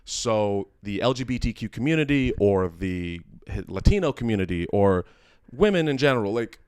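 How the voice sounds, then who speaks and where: Low-voiced earnest male podcast host. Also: lively intonation, a little mellow, clear, resonant tone, dry recording, studio quality. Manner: earnest and halting, full of restarts; emotional and reflective. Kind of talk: casual conversational interview.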